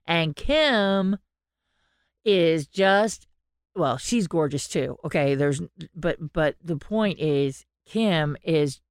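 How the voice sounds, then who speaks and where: A woman's voice: deep voice, very slow, clean tone, dry recording, studio quality. A woman podcast co-host, chatting casually and acting out the voices of people in her stories. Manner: animated storytelling, acting out quotes.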